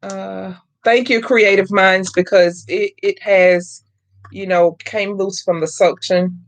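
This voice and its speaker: Medium in pitch, steady in tone and slow in pace, a middle-aged woman's voice carries her live craft stream. She's chatty while crafting, addressing her audience as "y'all" and naming chat members as she greets them.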